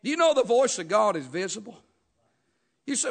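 Male preacher, very high pitch, rhythmic sermon delivery with call-and-response. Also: big pitch swings, fairly quick, gravelly. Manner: rhythmic preaching with frequent "uh" and "Amen?" call-outs, rising to shouts.

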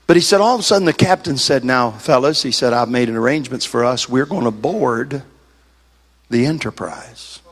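A man's voice: mid-range voice, expressive, moderate pace. Man preaching a folksy story sermon. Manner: folksy storyteller rising to shouted fervor. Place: church service.

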